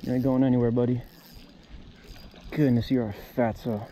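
A young man filming himself fishing outdoors, excitedly narrating his catches and repeating exclamations as he reels them in. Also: medium pitch, normal speed, a little hiss or hum. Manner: excitable, repeats exclamations while reeling in fish. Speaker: fishing vlogger. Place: outdoors by the water.

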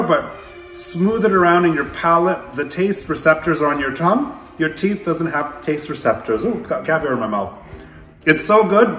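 A man hosting his own cooking channel, talking through a recipe in a relaxed, chatty way with frequent filler words. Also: fairly high pitch, echoey room. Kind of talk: casual cooking demonstration.

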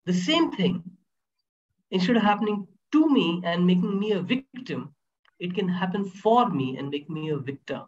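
High-voiced man telling a story. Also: normal speed, a little hiss or hum. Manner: animated, laughs between points. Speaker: guest speaker on inner power. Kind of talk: storytelling interview talk. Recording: dull lo-fi audio.

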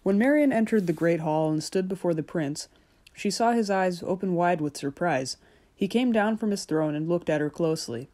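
A woman narrating a fairy-tale audiobook in a measured, gentle storytelling manner. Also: fairly low pitch, animated.

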